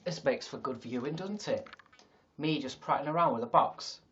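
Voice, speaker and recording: A Yorkshire-accented livestream host rambles and pokes fun at himself, with some swearing, while broadcasting casually from his sister's attic. He has a medium pitch and normal speed, but the recording is muffled with heavy background noise.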